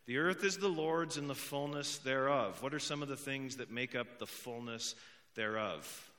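A man's voice: medium pitch, moderate pace, bright, forceful tone. A young adult man preaching a conversational sermon, emphatic and repeating key points, with joking asides to the congregation. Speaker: pastor.

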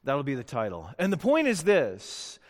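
A man's voice: mid-range voice, wildly swooping pitch, moderate pace. Emphatic male preacher in a reverberant hall. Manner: emphatic, rising to loud rhetorical questions. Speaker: pastor. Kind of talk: sermon.

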